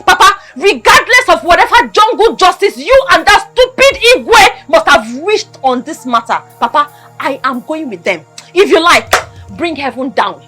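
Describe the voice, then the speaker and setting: A woman's voice: extremely high pitch, big pitch swings, moderate pace, hardly any pauses, bright, forceful tone, faint music behind, exaggerated voice. An actress with a Nigerian accent playing a defiant young daughter who taunts her father in a film drama.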